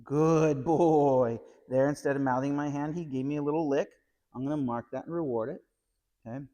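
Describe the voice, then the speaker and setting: A man's voice: mid-range voice, a little mellow. A man working as a dog trainer, explaining puppy training step by step and checking in with the viewer with a frequent "okay?". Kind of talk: instructional training video.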